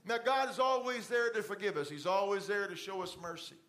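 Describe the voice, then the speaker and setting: A middle-aged man preaching a conversational sermon in a church, dropping to a soft fatherly voice for asides. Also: sits high, expressive, a little fast. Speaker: pastor. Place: church stage with TV lights.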